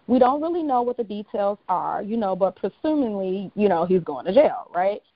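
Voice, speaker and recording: A woman's voice: medium pitch, big pitch swings, moderate pace, no room sound. A woman with a Southern US accent co-hosting a podcast in a casual chat, chatty and full of "you know.". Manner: chatty, laughs often, says "you know" a lot. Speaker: podcast co-host. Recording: dull lo-fi home recording, fan hum.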